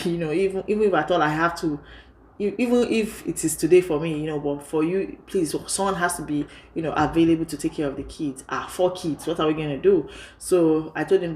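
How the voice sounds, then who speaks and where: A woman with a low voice tells a personal story for her vlog in a lively, chatty way. She keeps saying "you know" as she goes. Her voice bounces around an echoey room. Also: brisk. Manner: lively retelling, heavy use of "you know". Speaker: vlogger.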